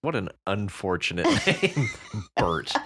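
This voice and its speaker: Very deep-voiced woman, lively and joking. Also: slow pace, creaky, breathy edge. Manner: animated, joking, playful with words. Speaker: podcast co-host. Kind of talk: casual chat about a story.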